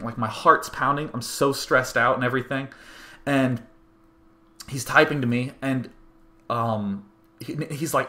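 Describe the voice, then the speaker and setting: A young man telling a personal story to his stream audience in a casual, animated way, acting out what other people said. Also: normal speed. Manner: animated, acts out others' words with big jumps in pitch and volume. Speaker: show host.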